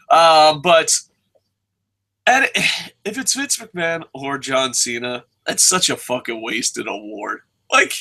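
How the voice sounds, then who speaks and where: Bright, profane, excitable male podcaster. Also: fairly high pitch, moderate pace. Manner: profane, excitable ranting with frequent laughs. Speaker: wrestling podcast co-host. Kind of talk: casual wrestling preview chat.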